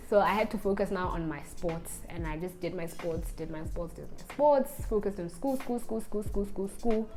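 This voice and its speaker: A young woman, telling a casual storytime vlog in an animated way. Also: medium pitch, slight background noise. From Botswana. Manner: animated storyteller, acts out the people she quotes. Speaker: vlogger.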